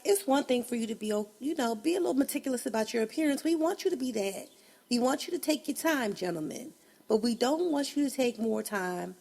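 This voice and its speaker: A woman's voice: fairly high pitch, gravelly, darkish tone. A woman hosting a casual solo podcast, blunt and profane, laughing often, a bit congested. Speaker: podcast host.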